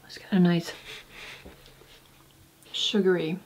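A woman vlogging in a small cabin, relaxed and unhurried, sometimes dropping to a whisper and talking softly to her dog. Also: medium pitch, slight background noise. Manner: drops to a whisper at times. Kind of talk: casual vlog narration. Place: small off-grid wooden cabin, indoors.

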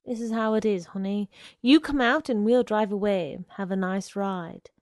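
A woman's voice: medium pitch, normal speed, darkish tone, no echo, clean studio sound, close to an everyday voice. A woman reading aloud, voicing a pushy young man who coaxes and threatens by turns. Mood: threatening. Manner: wheedling and pushy, slipping into threats. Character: menacing young man, smooth-talking stalker.

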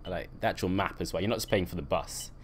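A man's voice: low voice, fast talker. A young man chatting on a live stream while playing a game, reading and answering his chat and laughing often.

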